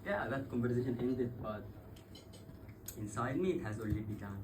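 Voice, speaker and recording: A man's voice: mid-range voice, moderate pace. A man from Yemen telling a personal story on stage, swearing and laughing as he goes. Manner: swearing, laughing, animated retelling. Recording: distant voice with clear background noise.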